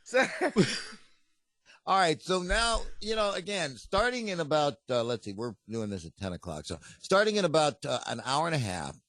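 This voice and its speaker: A man's voice: on the high side, very animated, moderate pace, fairly bright tone, no room sound, clean studio sound. Playful man bantering on a podcast. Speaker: co-host. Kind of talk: casual chat.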